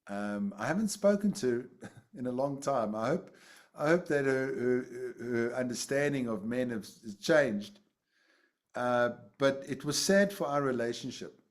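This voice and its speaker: A man's voice: medium pitch, expressive, unhurried. Male teacher, conversational lecture style, repeats himself, quizzes the class. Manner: conversational, repeats phrases, asks the class questions. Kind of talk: classroom lecture with personal story.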